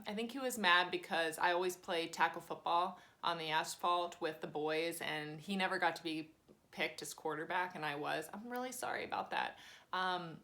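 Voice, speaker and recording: A woman in her thirties, a teacher, telling a personal story in a chatty, animated way and acting out the voices of the people in it, at a cozy home. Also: on the low side.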